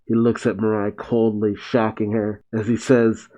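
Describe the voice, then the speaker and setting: A man casually narrating a novel chapter with excited asides and the odd swear. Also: on the low side, measured pace, dull audio. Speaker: story reader and reactor.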